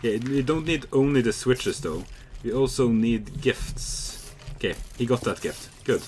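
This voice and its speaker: A young man giving casual, chatty commentary while playing a game, excitable and swearing freely. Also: mid-range voice, unhurried, a little hiss or hum. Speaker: gamer.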